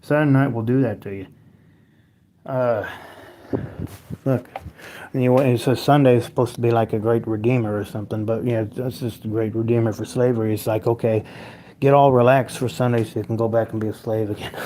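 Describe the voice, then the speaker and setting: A man's voice: medium pitch, fairly even intonation, a little fast, warm tone, slight background noise. A man hosting a casual livestream from home, talking loosely in a mid-range voice. He rambles between viewer comments, swears freely and laughs often. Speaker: livestream host.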